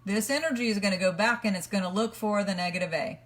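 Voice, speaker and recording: A woman giving a self-help teaching talk as a motivational coach, energetic and repetitive, explaining points step by step. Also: medium pitch, quick pace.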